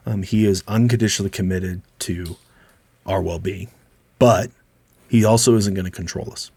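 Low gravelly guy on a faith podcast, husky, earnest, dry close sound. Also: fairly even intonation, normal speed, warm tone, no echo. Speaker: podcast co-host. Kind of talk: casual faith discussion.

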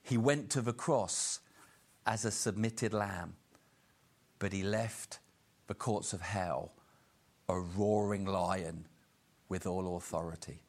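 A man preaching a sermon earnestly, slowing down to stress key lines. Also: low voice. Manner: earnest, slows down for emphasis.

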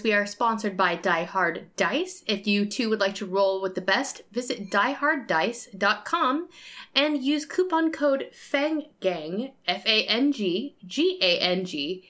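A woman's voice: medium pitch, expressive, measured pace. A woman hosting a tabletop podcast, giving an upbeat scripted intro and ad read. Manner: warm, upbeat address to listeners. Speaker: podcast host.

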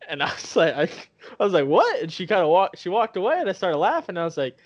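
A man's voice: sits high, very animated, fast talker. A man co-hosting a podcast, telling a profane story and acting out the voices of the people in it. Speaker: podcast co-host. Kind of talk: casual storytelling chat. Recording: dull lo-fi podcast audio.

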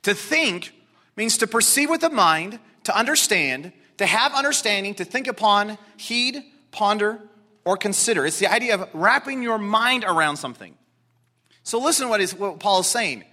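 Excitable preacher guy in a church, really high voice, bright and punchy, goes loud then drops to a hush. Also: moderate pace. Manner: excitable, emphatic, swings from loud to hushed. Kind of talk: expository sermon. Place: church sanctuary with a seated congregation.

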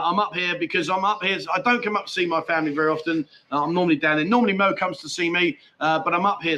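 A man's voice: high-pitched, pushed and bright. A man hosting a casual live stream, chatting and bantering with viewers and his co-host. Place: indoors at family home.

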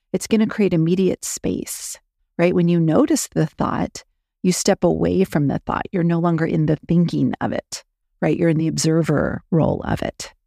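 A woman hosting a solo podcast as a coach, talking in a calm, reflective way and often checking in with "right?". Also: lowish voice, vocal fry, no room sound, studio quality. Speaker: podcast host and coach for physicians.

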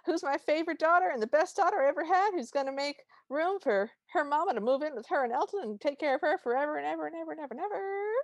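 A woman voicing a scheming, mocking stepmother in a high, sing-song tone. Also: animated, fast, hardly any pauses, no echo. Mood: gushing.

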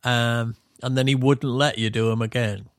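Gravelly middle-aged Yorkshire man. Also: medium pitch, fairly even intonation, moderate pace, dry recording, clean studio sound. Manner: rambling, self-interrupting, explains gently. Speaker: podcast co-host, musician. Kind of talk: casual reminiscing chat.

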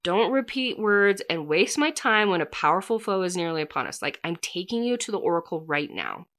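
A woman's voice: lowish voice, sing-song, fairly quick, fairly bright tone. A woman voicing a crude sneering old kelpie horse. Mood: scornful. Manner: rude and condescending.

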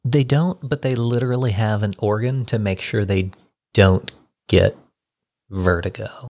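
A man co-hosting a book club podcast in a studio, explaining details in a relaxed, casual way. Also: lowish voice, measured pace. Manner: explanatory, relaxed, reads passages aloud. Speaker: podcast co-host.

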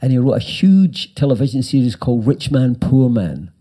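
An older man, a writer and former actor, telling animated anecdotes in an interview and acting out the quotes. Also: medium pitch, moderate pace, husky. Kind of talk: storytelling interview.

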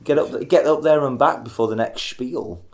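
A man's voice: mid-range voice, moderate pace. A man co-hosting a podcast, running a quiz segment in a playful mock-presenter manner. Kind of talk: casual chat.

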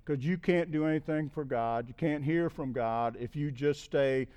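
A middle-aged man preaching a conversational sermon as a guest speaker, often checking in with "okay?" and building to emphatic, loud peaks. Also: fairly high pitch, normal speed, clear, resonant tone. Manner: repeats "okay?" to check in with listeners.

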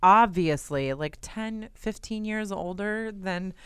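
A woman's voice: medium pitch, slow, clear, resonant tone, dry recording, clean studio sound. A woman guest co-hosting a podcast, chatting bluntly with swearing and quoting her own reactions. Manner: blunt, swears, quotes herself in asides. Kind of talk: casual chat.

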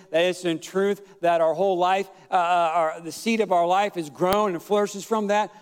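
High-voiced preacher man in a reverberant hall. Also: smooth. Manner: storytelling preacher, fillers, shouted emphasis, drawn-out words. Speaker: pastor. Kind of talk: sermon.

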